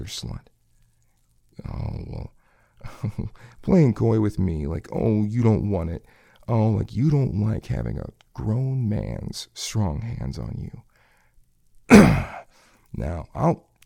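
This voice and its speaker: A man playing a domineering, crude male kitchen coworker in an adult audio role-play, taunting and commanding in a husky voice with breathy asides. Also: on the low side, mellow, no room sound, clean studio sound, full character voice.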